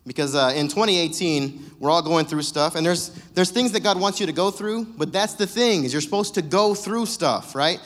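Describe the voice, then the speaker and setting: A man's voice: on the high side, normal speed, few pauses, fairly bright tone. Joking young preacher man in a reverberant hall. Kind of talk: sermon. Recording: long reverb of a church hall.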